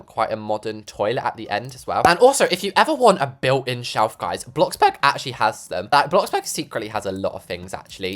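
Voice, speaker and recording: An excitable woman chats her way through a video game building session. Her pitch leaps around constantly, and she breaks off for playful asides. A soft music bed plays faintly behind her voice. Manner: bubbly, excitable, quick asides and jokes. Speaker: gaming YouTuber. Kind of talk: casual building commentary.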